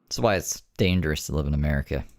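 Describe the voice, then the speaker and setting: A man's voice: extremely low pitch, fast talker. A man hosting a reaction video, giving casual commentary with sarcastic, wry asides.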